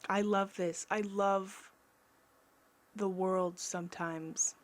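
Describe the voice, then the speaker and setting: A young woman chatting casually over her own drawing video, rambling and self-mocking, easily excited. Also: medium pitch, slow pace. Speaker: artist vlogger.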